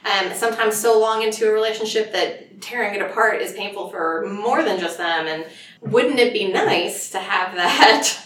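A woman talks casually about her books, chatty and quick to laugh, with many restarts. Her voice sits a little back from the mic in a roomy space with faint background noise. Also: mid-range voice, a bit bright, recorded from a distance. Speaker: author guest. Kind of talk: casual conversation.

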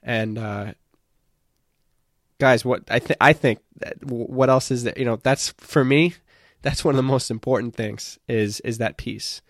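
A man's voice: mid-range voice, unhurried, dry recording, clean studio sound. A man hosting a podcast, talking in an earnest, encouraging way and repeating words as he thinks. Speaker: podcast host. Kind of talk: casual podcast conversation.

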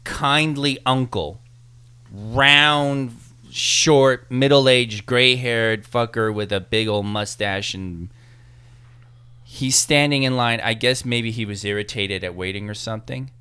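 Bright, clear-voiced man telling a story. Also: medium pitch, slow pace. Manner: animated, acts out voices in his anecdotes. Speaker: podcast guest telling a story. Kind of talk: casual storytelling.

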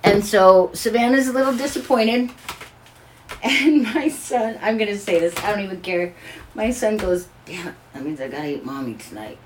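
A woman's voice: mid-range voice, moderate pace, slight background noise. An older woman, a grandmother, telling a family story in casual chat and acting out the voices. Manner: animated, acts out voices in her stories.

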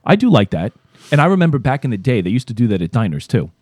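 A man's voice: mid-range voice, sing-song, quick pace, darkish tone, breathy edge, no room sound. A man co-hosting a podcast, chatting casually and telling rambling, profane stories. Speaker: podcast co-host. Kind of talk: casual chat.

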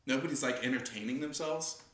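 Young male podcast co-host: excitable, bright and lively, casual swearing, roomy sound. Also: mid-range voice, a little fast. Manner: excitable, laughs often, swearing. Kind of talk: casual chat.

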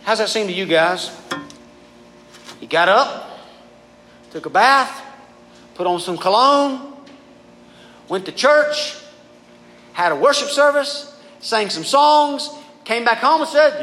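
A man's voice: high-pitched, measured pace, long pauses. A man preaching a conversational sermon, reading scripture and talking informally to a youth group. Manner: casual, animated preaching, often addresses listeners as "guys". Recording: reverberant hall with faint background noise.

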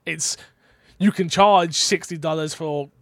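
A man's voice: a little high, a little slow, fairly bright tone, no room sound, studio quality. A man hosting a casual gaming podcast, talking in a rambling, hesitant way full of fillers. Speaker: podcast host.

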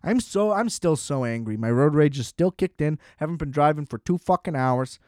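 A man's voice: on the high side, animated, moderate pace, a little mellow, no echo, clean studio sound. Ranting, profane young podcast host man. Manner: profane, exasperated ranting with frequent "like". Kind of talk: casual solo podcast rant.

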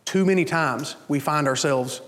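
A man preaching a sermon as pastor, in a relaxed conversational way that keeps checking in with the congregation. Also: fairly high pitch, moderate pace, in a large hall. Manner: conversational preaching, asks the congregation "you understand?".

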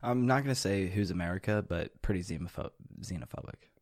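A young man in his student years, co-hosting a podcast in casual chat with a dry, low-key delivery. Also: fairly quick, a little mellow, no echo. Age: young adult. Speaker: podcast co-host.

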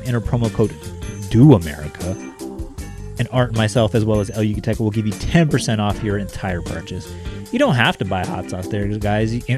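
A man hosting a casual podcast, reading sponsor spots in a loose, rambling, joking way. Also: lowish voice. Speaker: podcast host.

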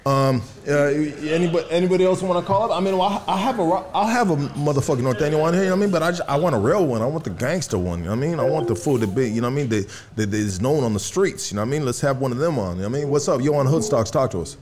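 Fast-talking laid-back male podcast host. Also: fairly high pitch, animated. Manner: laid-back street slang, repeats "you know what I mean". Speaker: podcast host taking calls. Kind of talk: casual call-in chat.

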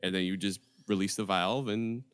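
A man chatting casually, telling an animated story and quoting the people in it. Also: low voice, normal speed, clear, resonant tone. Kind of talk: casual chat.

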